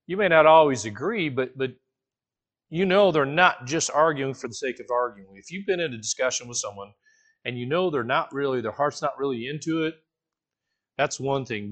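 Man preaching, casual and animated. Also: medium pitch. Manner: casual, animated, asks the listeners questions, jokes, restarts often. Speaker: pastor teaching a Bible study. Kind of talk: conversational sermon.

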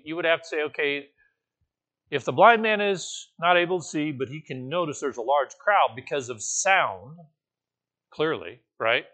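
A man's voice: a little high, fairly bright tone. A man preaching a conversational sermon, correcting himself as he goes and rising now and then to emphatic, raised passages. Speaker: pastor.

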